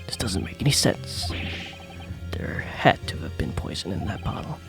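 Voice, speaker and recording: A woman's voice: extremely low pitch, sing-song, moderate pace, gravelly, music in the background, full character voice. A woman voicing an earnest young male defense lawyer in a fan voice-over of a video game, sounding puzzled and intent. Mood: baffled.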